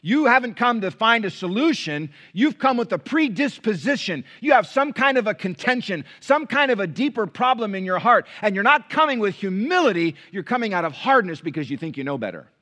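A man preaching a sermon to a church congregation as pastor, animated, swinging between loud emphasis and hushed low passages. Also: a little fast, hardly any pauses.

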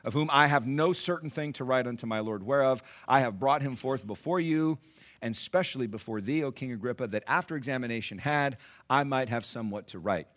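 A man preaching a sermon, retelling scripture dramatically, swinging from hushed lines to loud, animated asides. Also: medium pitch, fairly quick. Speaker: pastor.

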